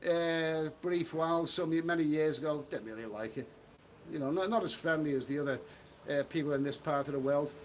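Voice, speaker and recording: A man's voice: fairly high pitch, slight background noise. A middle-aged man reading out live chat on a travel livestream, talking bluntly and chattily, recorded outdoors on a street. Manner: blunt, chatty, quick to snap at trolls.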